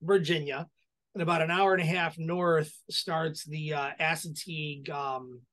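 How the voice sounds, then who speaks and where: Casting note: male podcast co-host with a high voice, chatty and hesitant, full of restarts. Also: fairly even intonation, unhurried, a bit bright. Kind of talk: casual chat.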